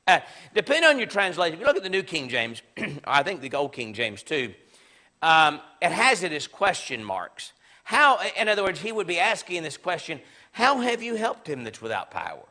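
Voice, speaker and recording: A Southern-accented man leads a Bible class, his voice bright and sharp, ranging up and down with emphatic, conversational energy. He sits high in pitch for a man and drives his points home. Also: sing-song, normal speed. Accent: Southern American. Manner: conversational, emphatic, acts out sarcastic quotes. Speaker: preacher.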